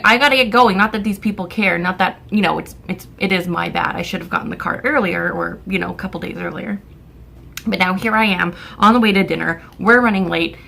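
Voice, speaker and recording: Exasperated young woman ranting with a gravelly edge. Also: medium pitch, sharp tone. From Canada. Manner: exasperated ranting storyteller, swears freely. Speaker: vlogger. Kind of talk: casual storytime vlog.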